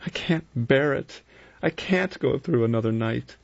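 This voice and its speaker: A man's voice: animated, normal speed, creaky, a little mellow, heavily acted. A man voicing a frightened but obstinate young Englishwoman in a raised, strained voice. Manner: high, strained feminine voice put on. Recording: dull lo-fi recording.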